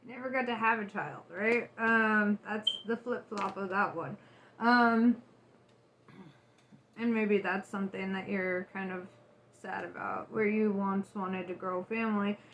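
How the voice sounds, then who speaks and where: A woman's voice: mid-range voice, fairly even intonation, measured pace, fairly bright tone, a little hiss or hum. A woman giving a casual tarot reading, candid and loose, swearing and laughing often. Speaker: tarot reader.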